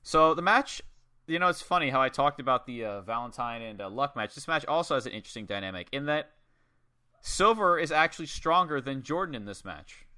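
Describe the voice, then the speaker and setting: A man excitedly recapping a wrestling match in casual, profane chat. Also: fairly high pitch. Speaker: podcast co-host.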